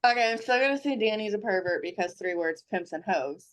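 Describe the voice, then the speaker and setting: A woman's voice: mid-range voice, expressive, brisk. A woman co-hosting a podcast, chatting casually in a blunt, playful way and swearing now and then. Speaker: podcast co-host. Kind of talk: casual chat.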